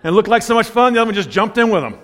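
High-voiced preacher in a reverberant hall. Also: male voice, animated, very fast. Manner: storytelling, swings from loud emphatic to hushed. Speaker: pastor. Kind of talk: sermon.

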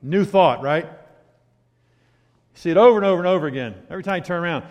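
A man preaching a sermon, swinging from hushed, reflective asides to loud, emphatic points. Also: high voice, quick pace, muffled recording. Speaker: pastor. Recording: hall reverb.

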